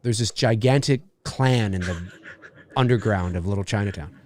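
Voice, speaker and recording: A man hosting a casual movie watch-along podcast, chatty and excitable. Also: on the low side, moderate pace. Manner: chatty, excitable, many restarts. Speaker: podcast host.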